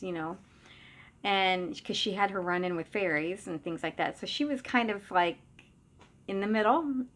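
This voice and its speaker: A middle-aged woman speaking at an ordinary, mid-range pitch as she tells a personal story. She talks casually, with loose sentences that restart and wander into asides. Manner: conversational, with frequent restarts and trailing asides. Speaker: psychic medium.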